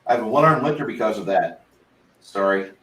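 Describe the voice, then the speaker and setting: A man's voice: on the low side, lively intonation, fairly quick, fairly bright tone, reverberant, rough recording. A man hosting a casual tabletop gaming chat, reading out viewer comments in a laid-back, wry way. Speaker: podcast host.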